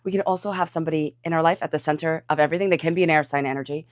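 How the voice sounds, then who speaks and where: A woman with a congested, stuffy voice, giving a calm tarot reading. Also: sits low, very fast, dry recording, clean studio sound. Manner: calm, soothing guidance. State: congested from a cold. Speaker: tarot reader.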